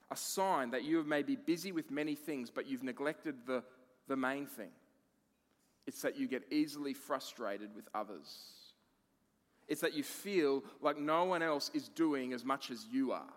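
Expressive male pastor preaching. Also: medium pitch, normal speed, in a large hall. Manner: expressive, shifts between emphatic and hushed. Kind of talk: sermon.

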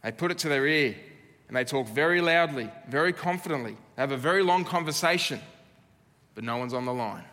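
A man with an Australian accent preaching a sermon, earnest and emphatic, with dramatic pauses. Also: mid-range voice, lively intonation, bright, forceful tone, in a large hall. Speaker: pastor.

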